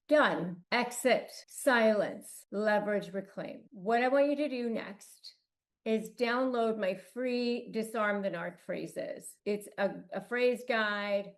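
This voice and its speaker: A woman's voice: mid-range voice, slow. A woman hosting an advice talk, coaching in emphatic, clipped phrases. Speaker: host.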